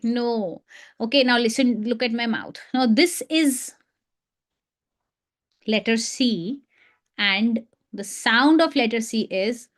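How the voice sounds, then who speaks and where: A woman with an Indian English accent teaches phonics sounds in a live online lesson, her voice somewhat high, animated, slow, and fairly bright. She demonstrates each letter sound and drills it with short repetitions.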